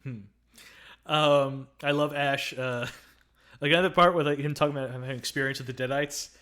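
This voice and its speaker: A man's voice: on the high side, fairly even intonation, moderate pace, a bit bright. A man co-hosting a casual film review podcast, laughing often and acting out favorite movie lines. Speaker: podcast co-host.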